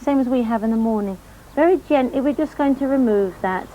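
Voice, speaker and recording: A middle-aged woman, a riding instructor, calmly demonstrating horse care to children step by step. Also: fairly high pitch, a little fast, dull audio, slight background noise. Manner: calm, gentle, explains each step patiently. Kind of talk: hands-on demonstration teaching children.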